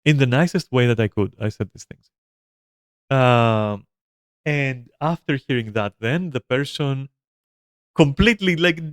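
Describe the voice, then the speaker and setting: A man streaming a game, telling a story casually, animated and profane, with lots of fillers and restarts. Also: medium pitch, no room sound, studio quality. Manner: animated, profane, frequent fillers and self-interruptions; chats to viewers and a pet between stories.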